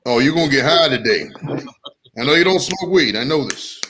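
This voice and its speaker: Lively joking male podcast host. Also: mid-range voice, a little fast, a crowd in the background, rough recording. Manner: jokey, profane, animated riffing. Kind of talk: casual chat.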